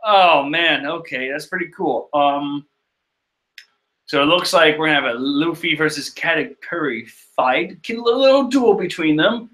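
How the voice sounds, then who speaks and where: A man reading through a manga chapter in casual, rambling commentary, excitable and profane, laughing and trailing off as he goes. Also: fairly high pitch, a little slow. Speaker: manga chapter reader and reactor.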